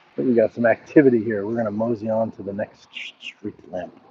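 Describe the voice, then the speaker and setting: Casting: relaxed middle-aged male streamer, low mellow voice, slightly dull phone audio, outdoor night ambience. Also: a little hiss or hum. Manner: laid-back, chuckling, drawn-out phrasing. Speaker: livestream host. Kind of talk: casual livestream chat, reading comments aloud. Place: outdoors at night, crickets around.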